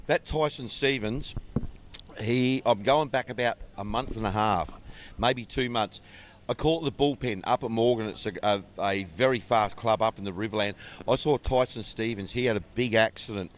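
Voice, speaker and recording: A man's voice: on the low side, normal speed, a little hiss or hum. A man chatting and telling stories as co-commentator at a kart race, rambling with fillers. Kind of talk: casual trackside storytelling. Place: outdoors at a dirt kart track.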